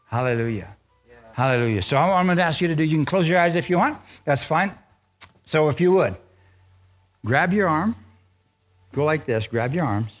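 An older man preaching a fervent sermon and leading his congregation in call-and-response and prayer. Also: a little high. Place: church service.

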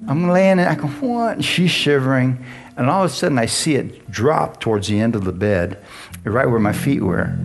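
A male pastor preaching a sermon in a conversational way, asking the congregation questions as he goes. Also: medium pitch. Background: guitar music.

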